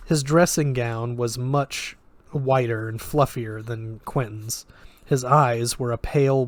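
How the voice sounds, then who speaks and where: A man's voice: medium pitch, no echo. A man reading a novel aloud in a plain way, with occasional slips that he corrects. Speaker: audiobook reader.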